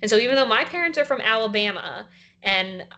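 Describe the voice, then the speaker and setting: A woman's voice: a little high, expressive, a little fast, pushed and bright, muffled recording. A young woman from South Carolina with a light Southern accent, chatting casually as a podcast co-host and using many fillers. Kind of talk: casual chat.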